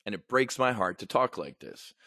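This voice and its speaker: A man's voice: on the low side, big pitch swings, normal speed, sharp tone, dry recording, clean studio sound. A man hosting a trading show, commenting on the news in a blunt, rambling, profane way. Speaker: options trading show host. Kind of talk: casual market and news commentary.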